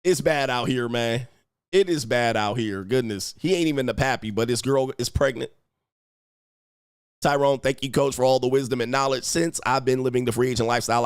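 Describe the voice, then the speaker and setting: A man's voice: mid-range voice, no echo, clean studio sound. A man hosting a livestream, reading viewer messages and commenting in a mocking, slangy way with frequent laughs. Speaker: livestream host reading super chats. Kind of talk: casual commentary. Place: home studio.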